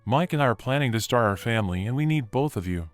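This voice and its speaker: A man voicing a tearful adult daughter who pleads apologetically with her father, speaking at an even middle pitch. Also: fast, no room sound, faint music behind, natural voice. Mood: pleading.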